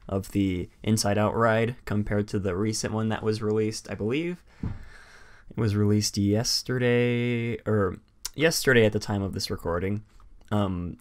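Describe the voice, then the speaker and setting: A young man co-hosting a casual podcast chat, rambling with many fillers and restarts, and he has the hiccups. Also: lowish voice. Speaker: podcast co-host.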